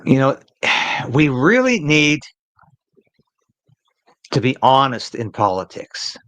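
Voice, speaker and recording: A man's voice: mid-range voice, very animated, slow pace, fairly bright tone, no room sound, poor audio. A man hosting a live political commentary stream, talking in an emphatic, opinionated way and repeating phrases to drive a point home.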